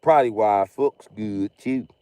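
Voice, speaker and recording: A man's voice: fairly low pitch, normal speed, dark tone, clear, resonant tone, no echo. Profane ranting male streamer, dry close mic. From Missouri. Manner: profane, emphatic, repeats himself. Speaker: livestreamer. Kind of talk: ranting commentary over a video.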